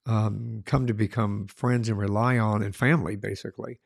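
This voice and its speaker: A middle-aged man with a low, gravelly voice co-hosts a casual film review chat. He talks earnestly and keeps restarting his phrases. The sound is dry and close, with no room around it. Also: level tone, moderate pace, dry recording.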